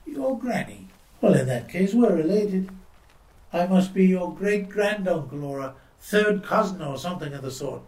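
A woman voicing a friendly, chatty old traveller in a storybook reading, with a husky tone. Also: lowish voice, expressive, normal speed, a little mellow, reverberant, far from the mic, pitched above the performer's own voice, close to an everyday voice. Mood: genial. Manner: genial, chatty.

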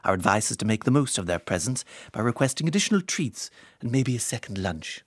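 A formal male cat reading a household advisory in a low, dry voice, a touch sinister by the end, as a man puts him on. The comes through, and the mic is close with no room sound. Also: sing-song, no room sound. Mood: mock-official. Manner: formal, slowly turning sinister.

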